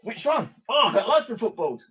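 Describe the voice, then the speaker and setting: An Australian man chatting loudly and rowdily over a video call from his bedroom, swearing freely. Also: sits high, sing-song, fairly quick, breathy edge, dull audio. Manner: loud, rowdy, swears freely. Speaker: show regular. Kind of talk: casual video call chat. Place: bedroom at home.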